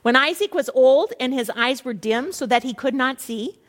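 A woman leading a Bible study for women, reading scripture and adding expressive, conversational asides. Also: high voice, normal speed. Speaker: Bible teacher. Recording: echoey hall reverb.

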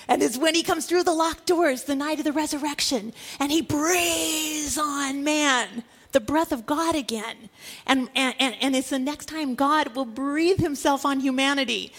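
A woman in her fifties delivers a sermon in a notably high voice. She preaches with animation, rising to loud exhortations and dropping to low, hushed asides. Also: measured pace. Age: 50s.

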